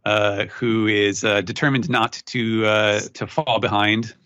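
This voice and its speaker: A man with a low but bright, forceful voice, chatting through a manga recap on a podcast. He rambles with lots of fillers and now and then jumps into high squeaky character voices. The sound is dry and close. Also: flat delivery, measured pace, no room sound. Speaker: podcast host. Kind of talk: casual chat recapping a manga chapter.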